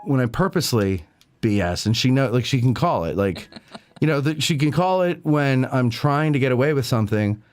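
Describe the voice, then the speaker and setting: A man's voice: medium pitch, lively intonation, moderate pace, soft background music. A man hosting a talk show, chatting casually and rambling with many fillers. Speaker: radio show host. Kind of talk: casual chat.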